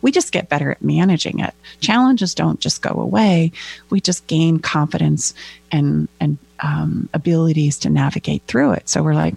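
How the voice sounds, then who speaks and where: A woman's voice: low voice, moderate pace, creaky, darkish tone, breathy edge, dry recording. A woman co-hosting a casual discussion as a relationship coach, explaining her ideas and often tagging her sentences with "right?".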